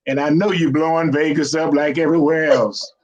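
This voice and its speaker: An older man talking in a warm, rambling, praising way during a casual chat. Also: on the high side, flat delivery, fairly quick. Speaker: guest. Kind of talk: casual video-call chat. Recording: muffled lo-fi call audio.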